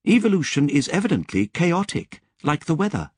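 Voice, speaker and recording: A man voicing a calm, knowing male guide in an audiobook, who talks in measured, lecturing explanations. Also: on the high side, husky, no echo, clean studio sound, pitched above the performer's own voice. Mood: explaining.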